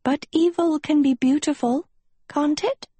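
A woman doing a high, wistful young witch turned hag. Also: a little slow, mellow, no echo. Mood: pleading.

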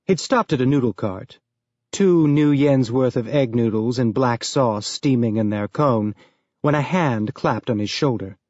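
A man reading an audiobook as narrator, in an even, measured storytelling manner. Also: mid-range voice, no echo. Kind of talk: scripted narration. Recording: dull lo-fi dry recording.

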